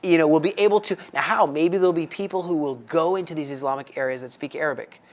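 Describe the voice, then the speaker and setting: Animated storyteller from the us, acts out the quotes, mid pitch. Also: fast talker. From United States. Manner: animated storyteller acting out quoted voices, laughing often. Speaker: storyteller on a faith podcast. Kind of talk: casual chat.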